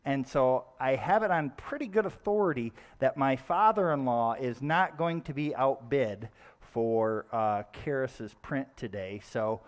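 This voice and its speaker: A man's voice: mid-range voice, a little slow. A man emceeing a school fundraiser, upbeat and encouraging as he gives updates. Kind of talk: live event announcing.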